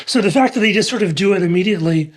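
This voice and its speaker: A man's voice: high-pitched, rapid-fire, slight background noise. A man co-hosting a music talk show, a songwriter himself, rambling and playful with many fillers. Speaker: co-host, songwriter. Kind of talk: conversational interview.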